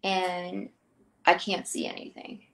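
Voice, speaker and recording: Woman guest, 30s, lively storyteller, does the voices of the people she quotes. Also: lowish voice, slow, vocal fry. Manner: animated, acts out quoted voices. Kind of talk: casual interview storytelling.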